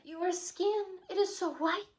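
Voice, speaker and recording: A woman's voice: very high voice, measured pace, darkish tone, pitched above the performer's own voice. A woman voicing an infatuated young princess while casually retelling a play in a hotel room, breathless and gushing.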